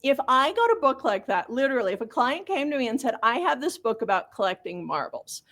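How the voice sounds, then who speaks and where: A woman's voice: fairly high pitch, very animated, brisk, a bit bright. A woman author, a guest on an interview show, talking directly and explaining her points with examples. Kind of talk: casual interview chat.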